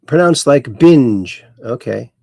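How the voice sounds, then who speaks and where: A man's voice: medium pitch, lively intonation, takes it slowly, vocal fry, warm tone, no room sound, studio quality. A man hosting a casual livestream, reading viewer comments aloud and adding playful asides. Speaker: livestream host reading chat.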